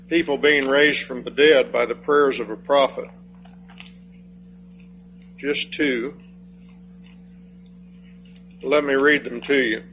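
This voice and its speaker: A man preaching an expository sermon, slow and emphatic, rising on key phrases and dropping low when he reads scripture. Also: a bit bright. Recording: dull lo-fi sound with faint hum.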